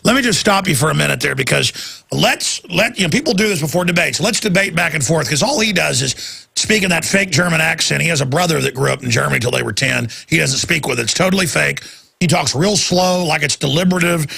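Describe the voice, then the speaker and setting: A man hosting a talk radio show, emphatic and energetic, with a gravelly, raspy voice. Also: a little high, brisk.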